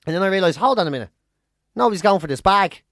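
A woman's voice: medium pitch, lively intonation, rapid-fire, no echo, studio quality. A woman, a stand-up comedian chatting casually on a podcast and acting out both sides of every quoted exchange.

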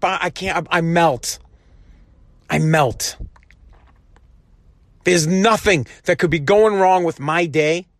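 Impassioned, profane man with a high voice. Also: a bit bright, dry recording. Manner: heated, profane, emphatic, with restarts. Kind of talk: impassioned monologue.

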